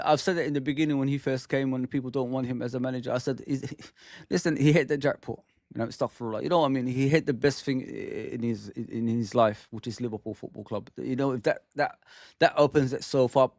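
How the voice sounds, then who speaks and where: A man's voice: mid-range voice, fast talker, a little mellow, no room sound, studio quality. A man hosting a football fan channel, ranting with heated, exasperated commentary and some swearing.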